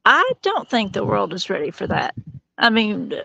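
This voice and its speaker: Gravelly-voiced woman guest, hesitant. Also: medium pitch, sing-song, normal speed, pushed and bright, dry recording, poor audio. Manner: thoughtful, hesitant, weighs her words. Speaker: podcast guest. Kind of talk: casual conversation.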